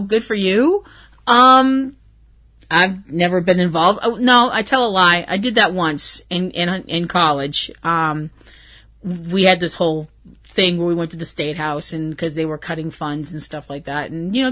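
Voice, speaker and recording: A woman's voice: mid-range voice, a bit bright. A woman hosting a casual podcast, ranting candidly with lots of ums and some swearing, a little stuffy from hay fever. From Irish and Canadian heritage. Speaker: podcast host. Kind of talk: casual solo podcast rant.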